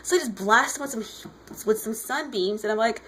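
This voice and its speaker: A woman giving an excited, casual comic review while standing, often restarting her sentences. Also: on the high side, moderate pace, rough recording.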